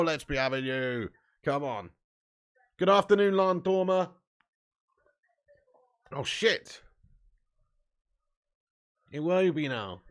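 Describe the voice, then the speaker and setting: Excitable football fan, high voice. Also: male voice, normal speed, creaky, long pauses. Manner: excitable, bursts into loud cheering, swears freely, chats to viewers. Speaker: fan watch-along host. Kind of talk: live football watch-along commentary.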